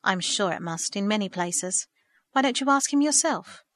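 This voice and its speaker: A woman voicing a gentle, dreamy mother who speaks fondly, in a storybook reading. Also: medium pitch, animated, moderate pace, dry recording, studio quality, close to an everyday voice.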